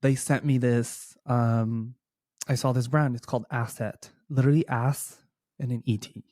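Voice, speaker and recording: A young man chats into his desk mic at home like he's catching up with friends, gushing and rambling with plenty of fillers. His voice sits at an ordinary middle pitch, and the sound is close and dry, with no room echo. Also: a little slow. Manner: chatty, animated, lots of fillers. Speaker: podcast host. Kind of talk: casual chat. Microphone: desk microphone.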